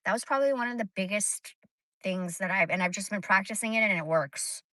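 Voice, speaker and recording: A woman chats on a livestream, venting bluntly with plenty of swearing. Her voice has a bright, sharp edge, and she sits close to the mic. The sound is dry, with no room around it. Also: mid-range voice, fairly quick, no room sound. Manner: blunt, profane ranting. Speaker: livestream host. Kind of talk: casual livestream chat.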